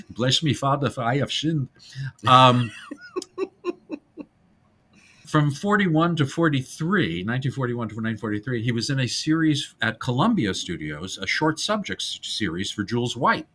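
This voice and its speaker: A man hosting a casual film-history podcast, animated and jokey, now and then breaking into silly voices. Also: mid-range voice, unhurried, pauses often, breathy edge. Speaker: podcast host.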